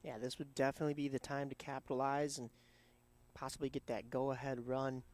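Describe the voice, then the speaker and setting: Relaxed man giving baseball analysis. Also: mid-range voice, fairly quick. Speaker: color commentator. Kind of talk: baseball color commentary.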